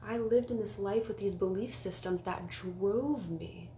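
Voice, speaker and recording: A woman's voice: medium pitch, brisk, few pauses, dark tone, slight background noise. A young woman, a spiritual life coach, talking casually on a livestream, earnest and sometimes dropping to a whisper. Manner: earnest, drops to whispers for emphasis. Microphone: phone.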